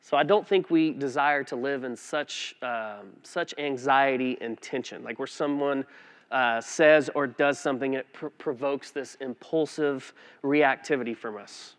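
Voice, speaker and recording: In a sermon, a male pastor recounts a personal story with animated, conversational energy, frequently starting over mid-thought. He speaks at a measured pace in a medium-pitched voice.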